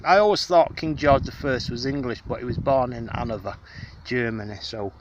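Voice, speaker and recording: A man vlogging outdoors in the hot countryside talks to the person behind the camera, rambling with lots of fillers in a put-on, genteel way. His mid-range voice moves at a normal speed, and the audio is dull with a little hiss or hum.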